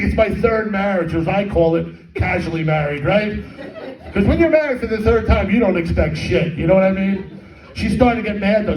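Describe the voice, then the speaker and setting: A man's voice: sits high, a little mellow, slight background noise. A middle-aged man doing a stand-up comedy set, with crude, rambling, self-mocking crowd work. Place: comedy fundraiser hall with live audience. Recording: echoey hall with audience, mic at a distance.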